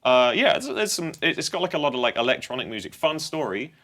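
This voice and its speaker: A man's voice: medium pitch, big pitch swings, quick pace, pushed and bright. A man from England with a posh English accent, chatting casually and joking as a guest musician. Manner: chatty, jokey, laughs often. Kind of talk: casual chat.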